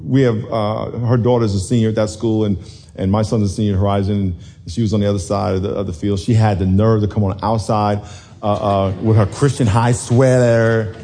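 A man in his forties, a little hoarse, telling a lively football story to a congregation, dropping low then shouting high. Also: brisk. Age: 40s. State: hoarse from yelling. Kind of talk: animated storytelling sermon.

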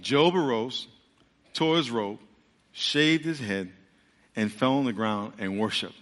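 A pastor preaching a sermon. He tells the story dramatically and acts out the voices, then drops to a low, earnest hush. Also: slow. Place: large church sanctuary. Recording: church hall with long reverb.

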